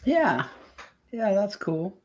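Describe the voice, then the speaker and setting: A woman's voice: medium pitch, big pitch swings, drawn-out words. An older woman co-hosting a radio talk show in casual chat, blunt and salty.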